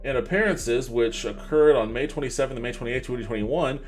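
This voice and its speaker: Male podcast host with an average-pitched voice, casual and wry, reads news articles aloud and trips over names. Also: fairly quick, faint music behind. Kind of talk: livestream podcast, reading articles aloud with commentary.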